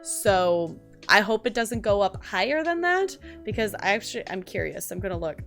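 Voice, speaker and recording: Young woman, bright clear voice, rambling chatty stream talk, faint lo-fi music behind. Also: medium pitch, animated, moderate pace. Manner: rambling, chatty, many fillers and restarts. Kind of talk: casual stream chat. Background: soft lo-fi music.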